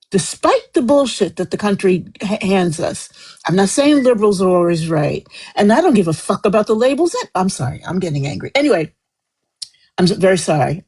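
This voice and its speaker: A woman's voice: mid-range voice, mellow, breathy edge, low-quality recording. A woman speaking passionately in a live stream debate, her voice climbing as she gets heated and then apologizing.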